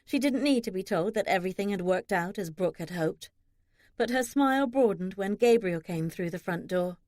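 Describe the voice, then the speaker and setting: A woman's voice: mid-range voice, lively intonation, moderate pace, a little mellow, no echo. Woman narrating in a dry, close voice. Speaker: audiobook narrator. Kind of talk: scripted narration.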